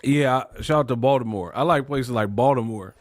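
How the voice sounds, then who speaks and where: A young man hosting a live boxing stream, talking in animated slang. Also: mid-range voice, normal speed, no room sound. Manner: animated, slangy, laughs at his own jokes. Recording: dry close mic.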